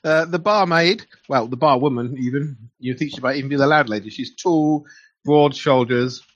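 A man's voice: medium pitch, moderate pace. A man narrating a tabletop game as game master, playful and loose, with fillers. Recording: dull lo-fi recording.

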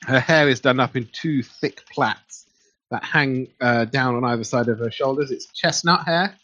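A man's voice: medium pitch, moderate pace, pushed and bright. A man narrating a tabletop game as game master, playful and loose, with fillers. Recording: dull lo-fi recording.

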